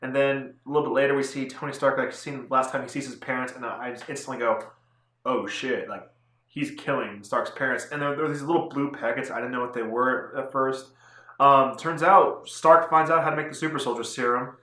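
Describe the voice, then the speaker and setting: Young male vlogger: bright, rambling spoiler chat in a roomy space. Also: medium pitch, steady tone, brisk. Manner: rambling, filler-heavy, swearing. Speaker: movie vlogger. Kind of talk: casual spoiler review. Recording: echoey room.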